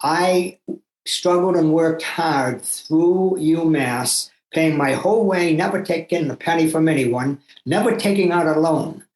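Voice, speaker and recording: Older male guest, fairly high voice, emphatic storyteller, echoey room. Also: unhurried, a little hiss or hum. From Massachusetts, USA. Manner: animated and emphatic, with self-talk asides. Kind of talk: personal storytelling. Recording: roomy echo.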